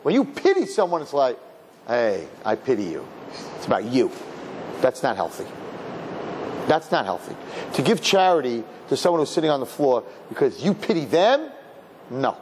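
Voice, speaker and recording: Lively rabbi lecturing a class, man, jumps into character voices, light background hiss. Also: moderate pace. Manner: animated, acts out people with high voices, Yiddish and Hebrew words.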